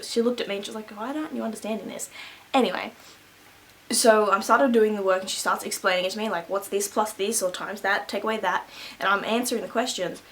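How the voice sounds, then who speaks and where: A woman's voice: medium pitch, slight background noise. A young woman telling a rambling, chatty story at home, keeping her voice down and laughing between asides. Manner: keeps voice down so as not to wake someone. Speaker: beauty vlogger. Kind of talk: casual storytime.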